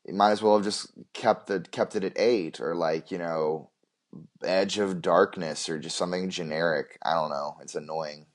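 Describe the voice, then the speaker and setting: Deep voiced dude rambling about games, lots of restarts, casual chat. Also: male voice, steady tone, moderate pace. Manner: rambling, many restarts and fillers, swears casually. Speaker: podcast co-host.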